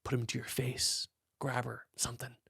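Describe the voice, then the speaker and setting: A man putting on a soft, low whispered voice as a wedding videographer coaching a groom, in whispered role-play. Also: completely flat delivery, moderate pace, gravelly, husky, no room sound, clean studio sound, heavily acted. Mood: hushed coaxing.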